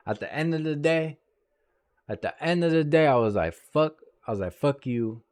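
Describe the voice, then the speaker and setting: A man's voice: a little high, expressive, fairly quick, dry recording. A young man from California telling a personal story in a heated, profane, casual rant, repeating himself and tossing in "bro.".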